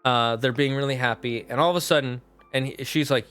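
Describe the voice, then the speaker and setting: Casual male streamer, animated and chatty, smooth voice over faint music. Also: mid-range voice, a little fast. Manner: animated, chatty, talks to chat mods. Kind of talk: casual livestream chat.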